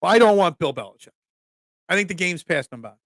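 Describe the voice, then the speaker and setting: Man, sports talk host, high-pitched, bright and forceful, casual chatter, joking asides. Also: animated, quick pace, dry recording, clean studio sound. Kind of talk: casual live-stream chat reading comments.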